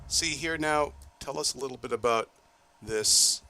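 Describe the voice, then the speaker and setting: A man's voice: medium pitch, a little slow, sharp tone. A man with a Boston accent interviewing a director over trailer footage, chatty and friendly as he prompts questions.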